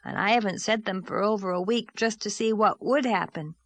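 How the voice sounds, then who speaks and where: A woman's voice: medium pitch, brisk, no echo, voice pushed up, natural voice. A woman voicing a blunt, aggrieved six-year-old boy in a storybook reading. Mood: indignant. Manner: childish, plaintive, matter-of-fact.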